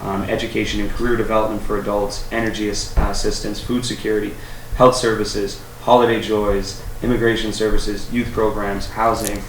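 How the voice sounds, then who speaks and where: A man's voice: fairly low pitch, flat delivery, a little fast. A man in his thirties from Massachusetts, talking in a friendly way with many ums as a guest on a local radio show. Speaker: guest, program manager. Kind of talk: casual radio talk. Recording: roomy, distant mic, faint noise.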